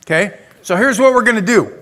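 A male pastor preaching a lively sermon in a church, talking straight to the congregation. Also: high voice, fairly quick. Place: church sanctuary.

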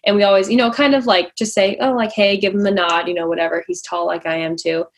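A woman's voice: mid-range voice, steady tone, quick pace. A young woman, a pageant coach and podcast host, tells a personal faith story to her listeners in a chatty way, full of fillers and acted-out quotes. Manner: chatty, many likes and fillers, acts out quoted lines.

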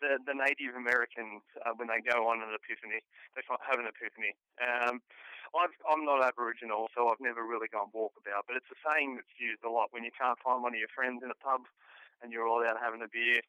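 A man's voice: mid-range voice, quick pace, clear, resonant tone, dry recording, highs cut off. A man with an Australian accent, a country singer chatting casually as a guest in an interview and using local slang. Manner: relaxed, laid-back, uses local slang.

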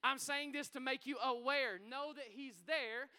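A pastor preaches with high energy, his voice high and very bright. He speaks smoothly and clearly, trading scripture reading for folksy asides and calls to the congregation. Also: fairly even intonation, measured pace. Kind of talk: sermon. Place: church sanctuary with congregation.

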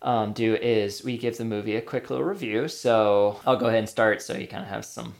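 A man's voice: lowish voice, fairly even intonation, a little fast, gravelly. A man hosting a casual movie podcast, quizzing his guest in a playful, chatty way. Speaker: podcast host.

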